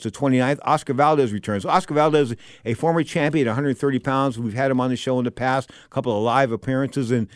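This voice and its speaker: An older man rattles through boxing news at a brisk clip, wandering off into side stories and cracking jokes as the host of a fight show. His voice is recorded dry and close, with no room sound around it. He keeps the banter loose and chatty, sliding from one card to the next. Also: mid-range voice, no room sound. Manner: rambling, digressive, wisecracking. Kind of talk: casual boxing commentary.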